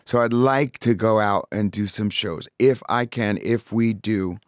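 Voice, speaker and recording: A man's voice: fairly low pitch, unhurried, smooth, no room sound. A man, a guest talking candidly in a studio interview, swearing freely and repeating words while he searches for them. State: recovering voice after vocal surgery. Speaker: interview guest, rock singer.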